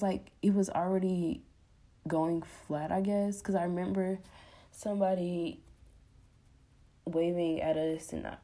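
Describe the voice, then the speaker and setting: Gravelly low-voiced woman rambling a storytime. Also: mellow. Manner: rambling, many "like"s and sung sound effects. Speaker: vlogger. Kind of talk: casual storytime monologue.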